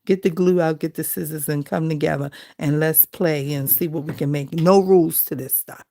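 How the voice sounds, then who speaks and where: A woman's voice: sits low, fairly even intonation, normal speed, vocal fry, dark tone. A woman, chatting casually to her viewers as a craft vlogger and telling a story.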